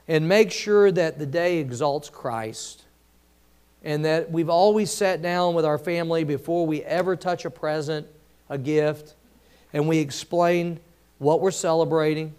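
A man's voice: on the high side, darkish tone, clean tone. A man preaching a sermon in a conversational way, with many restarts and emphatic questions to the congregation. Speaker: pastor.

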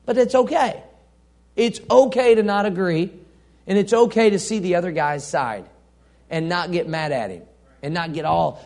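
A man preaching a sermon, reading scripture aloud and asking the congregation questions, swinging from soft to loud. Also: high-pitched, moderate pace. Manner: reads scripture aloud, asks the congregation call-and-response questions.

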